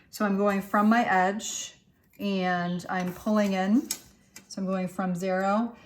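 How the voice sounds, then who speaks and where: A woman teaching a recorded remote art lesson, explaining step by step in a relaxed way with frequent ums and uhs. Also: medium pitch, moderate pace, distant mic. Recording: roomy echo, voice set back from the mic.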